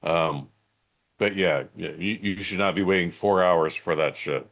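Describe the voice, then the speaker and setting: A man's voice: deep voice, a little slow, a bit bright, highs cut off. A middle-aged man co-hosting a podcast in laid-back, joking banter. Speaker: podcast co-host. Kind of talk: casual chat.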